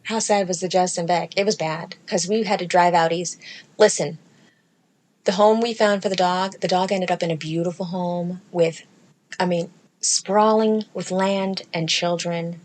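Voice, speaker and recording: A woman podcast host telling a comedic story in casual chat, profane and sassy, with animated delivery. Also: on the low side, unhurried. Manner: profane, animated, sassy delivery with mocking baby-talk impressions.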